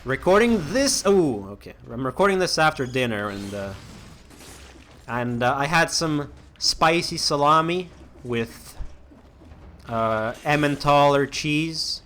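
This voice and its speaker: A man's voice: a little high, expressive, slow pace, a bit bright, slight background noise. A young man hosting a let's-play, chatting casually as he plays, rambling with lots of restarts and fillers. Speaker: gaming channel host.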